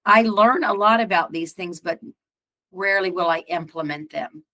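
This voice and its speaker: A woman co-hosting a health podcast, explaining breathing and recovery calmly. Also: fairly low pitch, moderate pace. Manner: calm, explanatory. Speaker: podcast co-host. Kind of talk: casual advice chat.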